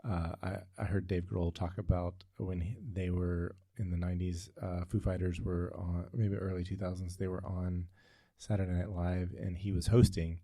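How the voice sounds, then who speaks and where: A man's voice: deep voice, level tone, normal speed, warm tone, no echo, studio quality. A man co-hosting a casual podcast, telling a long story with frequent tangents and fillers. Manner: rambling, goes off on tangents, many fillers. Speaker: podcast co-host.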